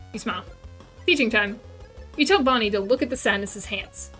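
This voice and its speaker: A woman's voice: fairly high pitch, normal speed, long pauses, fairly bright tone, breathy edge, faint music behind. A woman streamer reading and narrating a game, with casual, chatty commentary and laughing asides.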